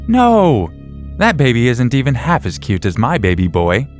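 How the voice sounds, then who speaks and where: A woman's voice: rumbling low, moderate pace, dark tone, faint music behind. A man voicing an obsessive young woman in her twenties who talks in a playful, sing-song way about a baby that isn't hers. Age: 20s. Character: obsessive young woman, falsely claiming a newborn.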